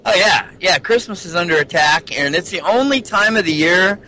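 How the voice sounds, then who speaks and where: A man guest in casual chat who has a lisp on his S and TH sounds because he speaks without teeth, excitable, calling people "baby". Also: high-pitched, normal speed, rough recording. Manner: excitable, calls others "baby".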